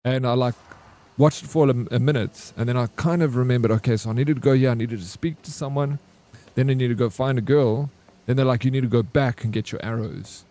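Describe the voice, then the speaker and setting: A man's voice: mid-range voice, steady tone, fairly quick, warm tone. A young man, chatting loosely and rambling to himself as he streams a game, swearing now and then. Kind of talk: casual live gameplay commentary.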